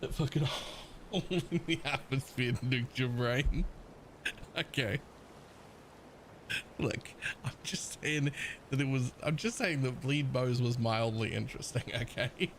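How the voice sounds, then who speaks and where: A man's voice: mid-range voice, unhurried, a little hiss or hum, rough recording. A man with a partly Australian accent, chatting casually as a live streamer, rambling, laughing often and swearing.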